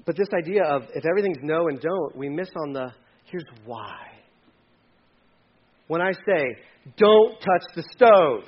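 A man preaching a sermon in an animated way, acting out voices with sudden jumps in pitch. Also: moderate pace, long pauses, husky, lo-fi sound. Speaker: pastor.

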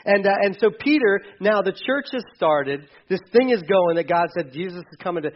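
A man's voice: high-pitched, expressive, normal speed, lo-fi sound. A man preaching a sermon in a conversational way, acting out quotes in casual voices. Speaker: pastor.

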